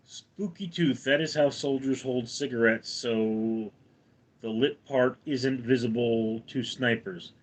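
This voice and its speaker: A middle-aged American man with a General American accent hosts a casual livestream, reading chat comments aloud and answering them at a measured pace. His voice is mid-range.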